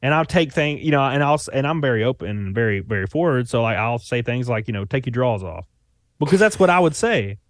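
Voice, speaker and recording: A man's voice: medium pitch, lively intonation, fast, few pauses, dry recording. Laid-back Southern man, dry close mic. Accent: Southern US (Alabama). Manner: rambling, laid-back, swears freely. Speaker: podcast guest. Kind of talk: casual chat.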